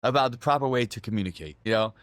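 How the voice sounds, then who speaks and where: A man's voice: medium pitch, rapid-fire, dry recording. A middle-aged man co-hosting a podcast in casual chat, telling stories with lots of swearing and acting out his own quotes. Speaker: podcast co-host.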